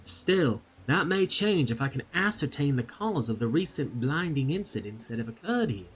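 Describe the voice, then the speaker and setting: A man's voice: mid-range voice, very animated, normal speed, slightly rough. A man voicing a shy young woman from a remote village with a put-on Southern accent, earnest and polite. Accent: put-on American Southern. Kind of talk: reading game dialogue aloud.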